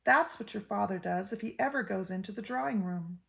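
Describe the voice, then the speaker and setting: A woman's voice: medium pitch, brisk, vocal fry, fairly bright tone. An older woman voicing an anxious, fussy mother who tells gossip with emphatic exclaims, in a storybook reading. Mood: scolding.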